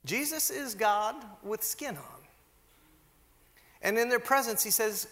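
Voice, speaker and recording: A male pastor preaching a sermon, telling stories and acting out quoted lines with lively energy. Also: very high-pitched, takes it slowly, pauses often. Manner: animated storytelling, acts out quotes. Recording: long hall reverb.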